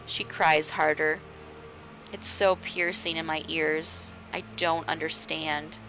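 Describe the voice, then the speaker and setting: Woman streamer reading a visual novel, hushed and slow, faint game music. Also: low voice, flat delivery.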